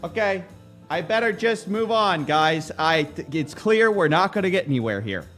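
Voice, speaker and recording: A man's voice: sits high, normal speed, soft background music. A young man hosting a show, giving sarcastic, jokey commentary on video clips. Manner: mocking, animated, jokey. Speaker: host.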